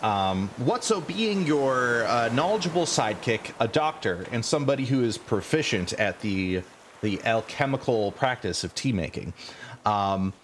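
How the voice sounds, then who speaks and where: A man's voice: mid-range voice, expressive, normal speed, slight background noise. Hesitant man running a tabletop game. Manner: hesitant, many fillers. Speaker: game master.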